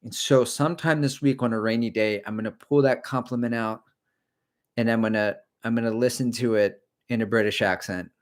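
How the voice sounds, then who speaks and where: A man's voice: mid-range voice, steady tone, a little fast. A middle-aged man hosting a casual livestream, chatting and rambling as he answers viewer comments about running. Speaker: livestream host and running coach. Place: home.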